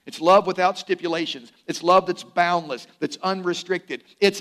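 Older male pastor, slightly high voice, folksy sermon, asides and humor, soft slow emphasis. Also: fairly even intonation. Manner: conversational preaching with asides and humor; drops to soft, slow emphasis on key phrases.

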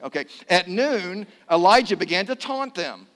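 A man with a high, bright-edged voice preaches to his congregation, reading scripture aloud and joking with them between verses. His delivery is lively and playful. The sound carries a long hall reverb. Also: normal speed, few pauses. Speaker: pastor. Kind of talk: sermon with responsive reading.

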